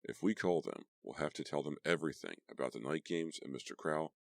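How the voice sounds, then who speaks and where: A man voicing a blunt, practical teenage boy in a flat, matter-of-fact way. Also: rumbling low, fairly quick, gravelly, no echo, clean studio sound, heavily acted. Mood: grim.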